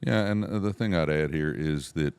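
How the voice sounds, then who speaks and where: A man's voice: a bass voice, moderate pace, darkish tone, smooth, dry recording. An easygoing man co-hosting a casual chat, laughing often. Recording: dry close mic.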